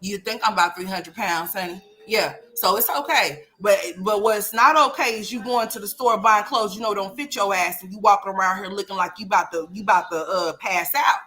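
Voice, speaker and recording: Bright, brash woman ranting on commentary. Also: medium pitch, a little fast, few pauses, soft background music. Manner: blunt, profane and teasing, with playful mock outrage. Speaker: commentary channel host. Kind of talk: casual reaction commentary.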